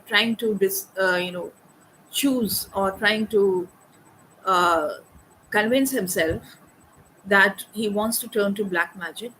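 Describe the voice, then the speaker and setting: A woman's voice: medium pitch, a bit bright, slight background noise, rough recording. A woman lecturing on a poem, thoughtful and hesitant with fillers, reading quoted verse aloud. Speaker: literature lecturer. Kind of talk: academic lecture.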